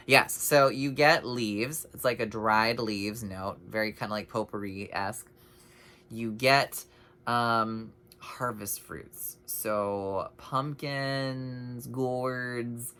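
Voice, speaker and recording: A man talks through a casual scent review with a bright, forceful voice. He rambles in a chatty way and drifts into side tangents. He sounds like he is recording at home. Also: medium pitch, very slow, clean tone.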